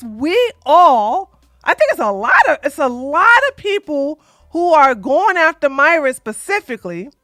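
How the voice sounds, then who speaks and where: A woman doing drama commentary in a loud, animated, sassy way, often laughing and shouting. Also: high-pitched, no room sound, studio quality.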